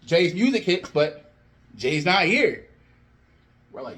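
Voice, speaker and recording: A young man with a slightly high voice talks through an imagined storyline in a relaxed, chatty way. He gets animated, slipping into quick spoken bits for each character as he narrates. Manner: animated, acts out characters' lines in quotes. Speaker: wrestling fan video host. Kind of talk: casual fantasy-booking storytelling.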